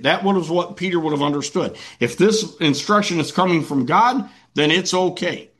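A man's voice: fairly high pitch, moderate pace, hardly any pauses, fairly bright tone. A man preaching a conversational sermon as pastor, telling the passage in a folksy way with frequent restarts. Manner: folksy, repeats and restarts words.

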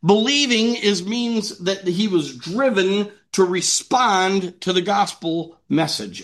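A man preaching a sermon to his congregation in a notably high voice. He is earnest and often asks a question and then answers it himself. He slows down when reading scripture aloud. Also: a bit bright. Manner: reads scripture aloud, slowing down. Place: church meeting room with a congregation.

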